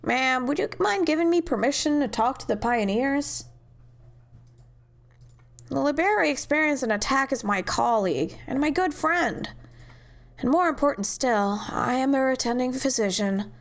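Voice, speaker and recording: A woman's voice: high-pitched, animated, moderate pace, pitched above the performer's own voice. A woman voicing an earnest, caring young doctor with a British accent while reading game cutscenes.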